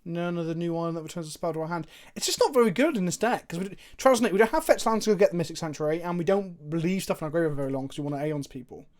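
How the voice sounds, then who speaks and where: A man streaming a card game, thinking aloud with excitable, profane commentary. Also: fairly high pitch, rapid-fire, few pauses.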